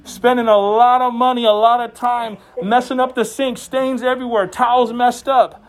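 A man with a notably high voice preaches a sermon. He talks to the congregation in a relaxed, conversational way and slips jokes in between the scripture. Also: normal speed. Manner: conversational and joking.

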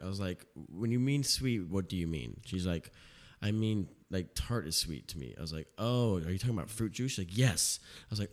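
Young guy bartender rattling off bar stories super fast, deep voice. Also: expressive. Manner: rapid storytelling, quotes customers in his own voice. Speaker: bartender guest. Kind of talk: casual podcast chat.

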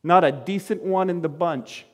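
Male pastor, high voice, lively sermon delivery with rhetorical questions, church hall reverb. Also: normal speed. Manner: animated, rhetorical questions, shifts between loud exclamations and low quiet asides.

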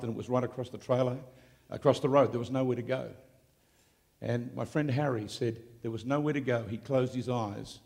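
A man preaching live to a congregation, moving between hushed storytelling and loud, shouted declarations. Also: mid-range voice, creaky, in a large hall. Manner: swings from quiet storytelling to shouted exclamations. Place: large hall, live event.

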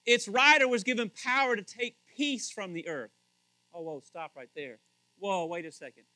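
A man preaching a casual, conversational sermon as pastor, animated and questioning his listeners. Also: high voice, moderate pace, no room sound, rough recording. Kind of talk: casual sermon, Bible teaching.

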